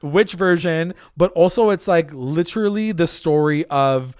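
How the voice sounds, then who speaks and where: A man's voice: fairly high pitch, lively intonation, normal speed, darkish tone, clear, resonant tone, dry recording, studio quality. A young man co-hosting a casual recap podcast, rambling with lots of fillers and casual swearing. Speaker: podcast co-host. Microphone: podcast mic.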